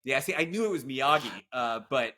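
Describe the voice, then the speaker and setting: A man's voice: medium pitch, animated, a little fast, bright, forceful tone. A man co-hosting a casual film podcast, talking enthusiastically and rambling through asides. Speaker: podcast co-host.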